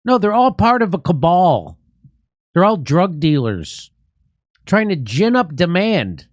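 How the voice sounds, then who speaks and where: A male host with a fairly high, very lively voice delivers mocking, sarcastic commentary. His speech is close and dry, with no room sound. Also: unhurried, no echo. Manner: mocking, animated, sarcastic asides. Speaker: show host.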